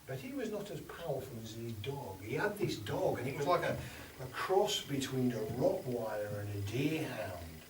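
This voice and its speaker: An English man tells a folk tale at an unhurried pace, swinging from hushed whispers to bold rises. His voice is mid-pitched and carries from a distance across a reverberant room. Steady background noise sits under the telling. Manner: dramatic, dropping to whispers and rising for effect. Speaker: storyteller. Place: storytelling event. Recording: roomy sound from far off with background noise.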